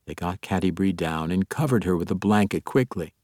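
A man narrating an audiobook in a steady, even storytelling manner. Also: sits low, fairly quick, no room sound, studio quality. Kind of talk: scripted narration.

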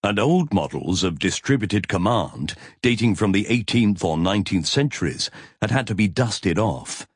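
A man narrating an audiobook in an expressive storytelling manner. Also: lowish voice, moderate pace, hardly any pauses, slightly rough, no echo, studio quality. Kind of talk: scripted narration.

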